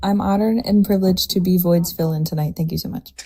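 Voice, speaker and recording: A woman's voice: lowish voice, fairly even intonation, quick pace, music in the background. A woman filling in as a panelist on a livestream, speaking bluntly and sardonically. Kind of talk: casual livestream chat.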